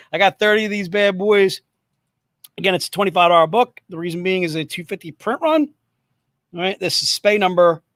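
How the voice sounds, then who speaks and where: Running a comic book sale over livestream, the host delivers an upbeat, repetitive pitch sprinkled with joking asides. His fairly high voice is a bit bright, captured dry and close with little to no room sound.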